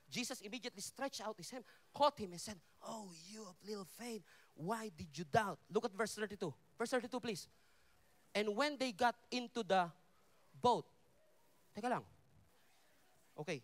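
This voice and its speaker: Filipino-accented male preacher, high and lively voice, playful storytelling sermon, code-switching. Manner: switches between English and Tagalog, acts out the disciples. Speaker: pastor. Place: festival stage before a congregation.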